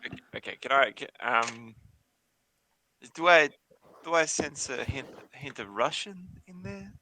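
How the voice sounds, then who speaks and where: A man's voice: medium pitch, expressive, a little slow, pushed and bright, slight background noise. A man playing in a casual tabletop role-playing game, who asks questions and keeps steering the talk along. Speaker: player.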